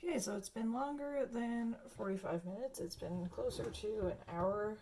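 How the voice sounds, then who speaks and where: A woman's voice: medium pitch, normal speed, mellow, slight background noise. A woman filming a casual home cooking video in her kitchen on a phone, chatty and rambling, with lots of fillers. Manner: chatty, rambling, laughs often, many fillers. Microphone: phone camera.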